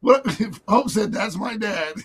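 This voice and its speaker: A man hosting a radio show, chatting casually and telling a story in an animated, joking way. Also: sits high, unhurried, crowd noise. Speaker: radio host.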